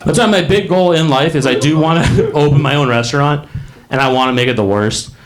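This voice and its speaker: A man's voice: on the high side, brisk. A man performing a rambling stand-up comedy set on a comedy club stage, laughing at his own jokes.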